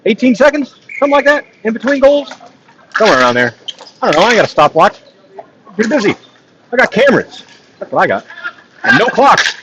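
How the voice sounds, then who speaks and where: A man doing solo play-by-play of a ball hockey game, joking with chat between plays and rising in excitement on big plays. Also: high-pitched, quick pace, pauses often, background noise. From not from Texas. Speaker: play-by-play commentator. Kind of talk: solo live sports commentary with chat asides.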